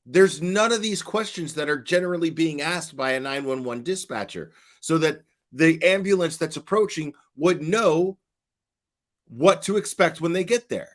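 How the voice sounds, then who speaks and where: A man's voice: fairly high pitch, normal speed. A man giving casual true crime commentary, skeptical and questioning, stumbling over restarts and firing off rhetorical questions. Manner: acts out quoted dispatcher questions.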